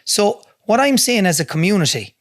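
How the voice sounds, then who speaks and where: A man's voice: sits high, big pitch swings, moderate pace, no room sound. An Irish man, a podcast guest, telling a story in a blunt, heavy-swearing way in a studio. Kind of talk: casual storytelling.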